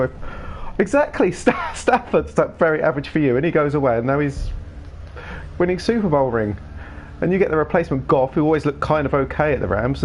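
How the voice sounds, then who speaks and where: A man's voice: fairly high pitch, darkish tone, a little hiss or hum. A man hosting a live gaming stream, chatting in a rambling, casual way and laughing often. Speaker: livestream gaming host. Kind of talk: casual chat while streaming a game.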